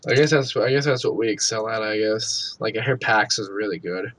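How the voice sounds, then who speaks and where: A man from Pennsylvania co-hosts a gaming podcast, speaking a little fast in a fairly low voice. The chat is casual and loose, packed with fillers and swearing, and he sometimes breaks into loud mock shouting.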